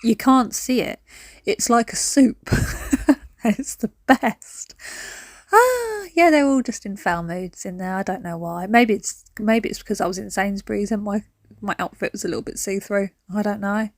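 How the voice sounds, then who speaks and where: A woman's voice: mid-range voice, normal speed, dry recording. Chatty woman with dry sound. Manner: rambling, animated storytelling with sudden whispered asides. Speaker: cleaning vlogger. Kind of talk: chatty vlog monologue. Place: at home, indoors.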